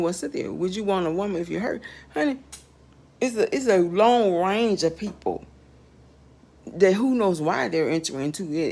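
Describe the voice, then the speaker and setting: A woman vlogger delivering a rambling, profane monologue that swings between quiet muttering and angry shouting. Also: fairly low pitch, vocal fry.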